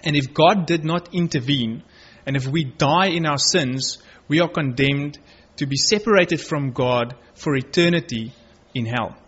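A man's voice: on the high side, a little slow, fairly bright tone, slightly rough. A man preaching a sermon, reading Bible verses aloud and earnestly stressing key words. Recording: dull lo-fi recording.

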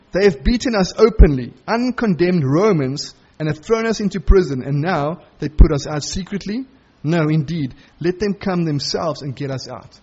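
A man preaching a sermon verse by verse, animated and acting out the characters' lines in quick asides. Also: on the high side, slightly rough, highs cut off. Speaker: pastor. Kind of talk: expository sermon on a Bible passage.

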